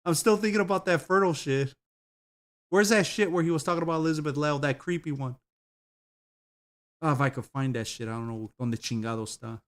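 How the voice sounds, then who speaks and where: A man's voice: a little high, fairly quick, long pauses. A man streaming as he browses videos, rambling, swearing loosely and giggling often at what he sees. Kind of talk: casual commentary while browsing videos.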